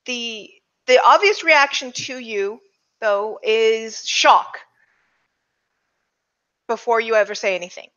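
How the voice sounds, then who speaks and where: A woman running a tabletop role-playing game as game master, narrating in a relaxed way with many fillers. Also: fairly high pitch, slow, pauses often, highs cut off.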